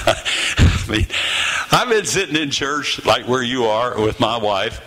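Bright-voiced older man preaching. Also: mid-range voice, a little hiss or hum, rough recording. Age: 80s. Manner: animated storytelling, dramatic pauses and slowed phrases. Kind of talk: sermon. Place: church.

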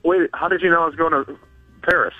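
A man's voice: a little high, steady tone, fast talker, no echo, faint music behind. A man taking a prank call, hesitant and defensive, heard over a phone line.

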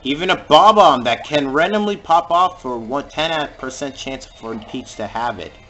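A man giving jokey let's-play commentary over a video game and reacting with sudden loud exclamations. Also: on the high side, animated, normal speed, highs cut off. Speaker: gamer playing through a video game.

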